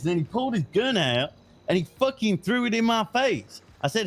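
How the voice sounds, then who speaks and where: A man's voice: high voice, a little fast, slight background noise. A man with a British accent playing a police officer in role-play, retelling events with plenty of swearing. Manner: swearing, storytelling, animated retelling. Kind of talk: in-character role-play chat.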